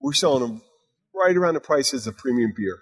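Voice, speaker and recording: A man chatting casually as co-host, animated and ranting, swearing freely. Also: medium pitch, brisk, breathy edge. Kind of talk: casual chat.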